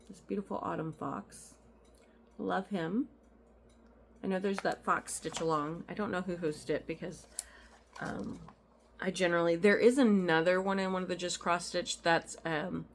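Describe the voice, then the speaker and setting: At home in her apartment, a woman with a lowish voice casually shows off her cross-stitch finds, rambling into asides with frequent ums. A little hiss or hum is audible.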